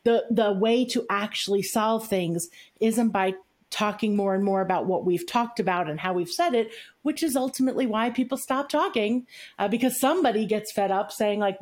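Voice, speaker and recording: A woman's voice: mid-range voice, a little fast, darkish tone. A woman coaching a client and group, teaching in emphatic, repetitive phrases. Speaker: relationship coach. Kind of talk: coaching session talk.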